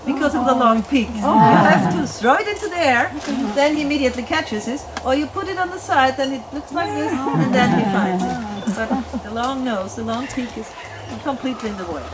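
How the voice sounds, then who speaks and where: A woman, the founder of a wildlife sanctuary, explaining animals to a tour group in a lively, explanatory way. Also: high-pitched, moderate pace. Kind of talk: outdoor guided tour talk. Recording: crowd chatter and animals behind.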